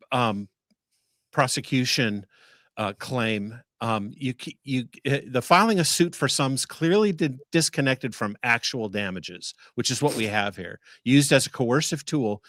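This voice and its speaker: Brief: man co-host, measured and hesitant, mid pitch, dry sound. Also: a bit bright, no echo. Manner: measured, hesitant, reads out legal points. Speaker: livestream co-host. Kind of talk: live-stream talk.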